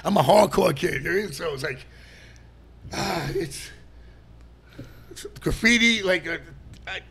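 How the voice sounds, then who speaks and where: A high, gravelly-voiced man spins stories as a podcast guest. His pitch leaps around wildly as he talks, profane and animated, laughing as he goes. It is loose, casual chat. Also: unhurried.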